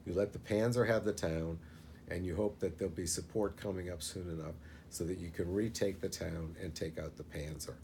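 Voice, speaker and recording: Deep, gravelly man retelling casually. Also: steady tone, a little fast, a little mellow, slight background noise. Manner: rambling, with many fillers. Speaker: film reviewer.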